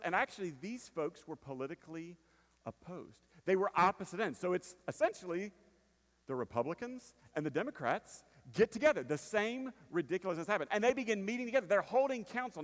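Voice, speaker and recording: A man preaching a conversational sermon as pastor, dropping to a hush then rising to emphatic points and checking in with the congregation. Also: high voice. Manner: conversational preaching with frequent "right?" asides, swinging from hushed to emphatic. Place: church sanctuary. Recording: long reverb of a church hall.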